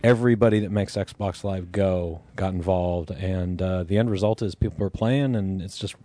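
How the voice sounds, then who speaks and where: A man co-hosting a podcast in casual chat, easygoing, explaining things slowly and deliberately. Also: sits low, steady tone, dark tone. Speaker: podcast co-host.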